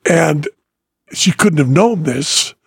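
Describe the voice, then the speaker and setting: A man's voice: on the high side, expressive, takes it slowly, vocal fry, breathy edge, no room sound. A man hosting a casual interview podcast, telling anecdotes and teasing his guest with dry questions. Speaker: podcast host.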